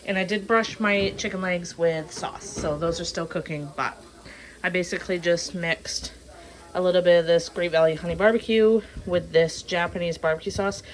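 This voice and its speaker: A woman's voice: lowish voice, steady tone, normal speed. A young woman vlogging casually to a handheld camera, talking in a chatty, rambling way full of fillers. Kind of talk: casual vlog talk to camera. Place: kitchen and parked car.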